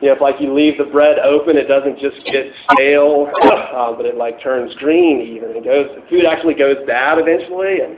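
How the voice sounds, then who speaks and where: A man's voice: mid-range voice, normal speed, few pauses. Chatty pastor man, echoey tinny sound. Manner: casual, chatty, many fillers and restarts, laughs at own jokes. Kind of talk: conversational sermon. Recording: echoey room on tinny phone-like line.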